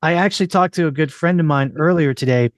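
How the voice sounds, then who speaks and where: Hosting a podcast, a man chats casually and rambles with plenty of fillers. His voice is a little high and fast, captured in a dry, clean studio recording.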